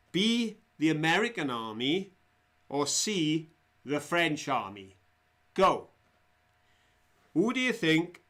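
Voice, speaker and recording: A man hosting a live quiz in a chatty, joking way. His voice sits a little high for a man. He talks slowly and unhurriedly. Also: a bit bright. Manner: chatty, jokey, reads out viewers' answers. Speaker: quiz host.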